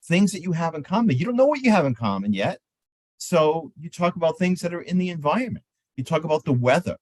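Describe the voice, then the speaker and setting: Animated man giving trade show advice. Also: fairly high pitch, fast, dry recording. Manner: animated, acts out sample exchanges in lively voices. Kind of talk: seminar talk on trade show etiquette.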